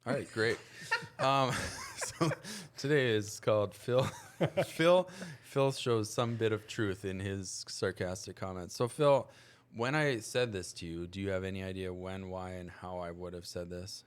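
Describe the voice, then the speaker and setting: A man's voice: on the low side, a little slow, smooth. A man hosting a casual podcast chat, jokey and laughing often as he brings up topics. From United States. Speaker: podcast host.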